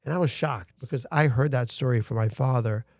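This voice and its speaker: Middle-aged male guest, gravelly, earnest storyteller, dry close sound. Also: mid-range voice, fairly quick, no echo. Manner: earnest storytelling, frequent restarts. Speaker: guest, founder of a rescue organization. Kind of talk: casual interview talk.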